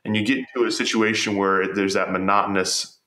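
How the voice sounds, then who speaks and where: A man's voice: lowish voice, steady tone, a little fast, bright, forceful tone, roomy sound. A man telling stories as a podcast guest, earnest and reflective, often repeating words as he starts a thought. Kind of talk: storytelling in conversation.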